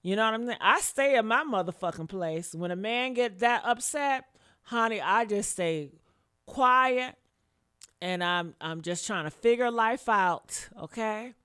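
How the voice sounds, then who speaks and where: A woman's voice: a little high, animated, unhurried, pushed and bright, clear, resonant tone. A woman in her fifties giving casual live commentary on a crime case, blunt and profane, talking straight to her viewers. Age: 50s. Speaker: commentary vlogger.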